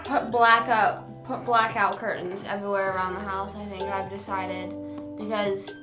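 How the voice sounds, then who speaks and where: A woman's voice: mid-range voice, little pitch movement, normal speed. Young woman, rambling casual chat, fillers, streamer, echoey room, faint music behind. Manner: rambling and chatty, with frequent fillers. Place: home room.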